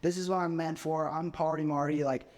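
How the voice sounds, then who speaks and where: Animated young man in a long echo. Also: on the high side, a little fast. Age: 20s. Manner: constant "like" fillers, animated. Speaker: podcast guest. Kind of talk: casual storytelling.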